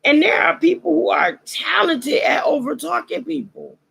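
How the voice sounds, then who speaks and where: A woman's voice: high-pitched, animated, normal speed, gravelly, fairly bright tone, poor audio. A woman hosting a vlog, giving a casual commentary monologue. She roasts and preaches in a slangy way, and her throat is dry as she loses her voice. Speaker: vlog host.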